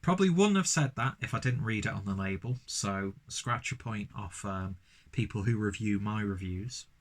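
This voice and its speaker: A man's voice: fairly low pitch, moderate pace. A man casually reviewing a beer, rambling with lots of fillers and restarts.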